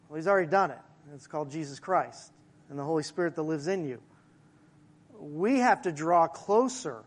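A male pastor preaching a sermon in a conversational way, with asides to the congregation and slowing down to stress key phrases. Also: fairly high pitch, expressive.

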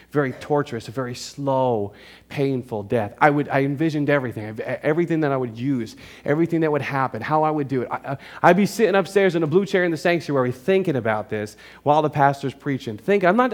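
A male pastor preaching a sermon to his congregation in church, emphatic and conversational, often checking in with his listeners. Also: medium pitch.

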